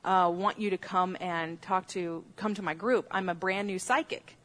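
A woman's voice: fairly low pitch, steady tone, normal speed, a bit bright, close to an everyday voice. A woman quoting an emotional masseuse who is a new psychic, in an earnest, pleading way.

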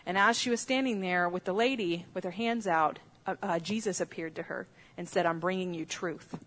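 A woman's voice: lowish voice, moderate pace, fairly bright tone. A woman quoting an earnest psychic masseuse.

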